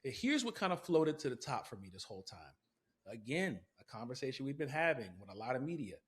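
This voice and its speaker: A man's voice: medium pitch, very animated, fast talker. A man hosting a casual movie review chat, talking reflectively and building to emphatic bursts. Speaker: podcast host.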